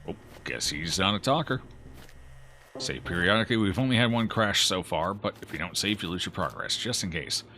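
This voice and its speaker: A man's voice: sits low, lively intonation, fairly quick, pushed and bright, a little hiss or hum. Joking man narrating a game. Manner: joking, reads game text aloud. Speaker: gaming video host. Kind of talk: casual gameplay commentary.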